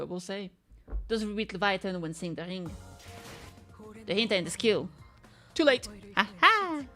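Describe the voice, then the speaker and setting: Playful, animated woman streamer. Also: mid-range voice. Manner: playful, silly mouth noises and sing-song bits; swears freely in excited outbursts. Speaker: streamer playing a game. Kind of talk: casual gameplay commentary.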